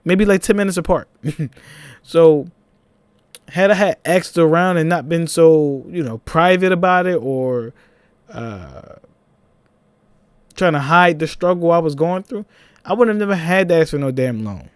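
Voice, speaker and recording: A young man with a Philadelphia accent, telling a personal story in a casual, animated vlog, with laughing asides. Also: on the high side, unhurried, pauses often, clean tone, no echo.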